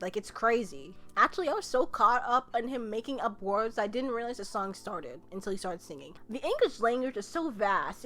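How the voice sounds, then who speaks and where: A young woman hosting a casual review vlog of musical songs, talking in a playful, jokey, excitable way. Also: fairly high pitch.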